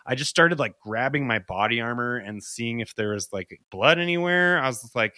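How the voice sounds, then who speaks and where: A man's voice: medium pitch, animated, moderate pace, bright, forceful tone, no room sound, studio quality. A young man, a podcast guest, telling a story in a loose, profane way with lots of "like". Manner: loose and profane, heavy use of "like". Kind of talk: casual spoken storytelling.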